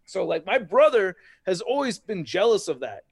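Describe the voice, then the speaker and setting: Podcast guest, man in his 30s, high voice, excitable rambler, dry close sound. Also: moderate pace, creaky, breathy edge, no echo. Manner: excitable, rambling storyteller with many restarts. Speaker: podcast guest, toy collector. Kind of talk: casual chat.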